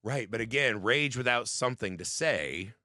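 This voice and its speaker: Clean studio sound without echo captures a medium-pitched man in his thirties talking at a moderate pace. On the podcast he co-hosts, he argues about a film in an animated, emphatic, casual way, frequently ending lines with "right?".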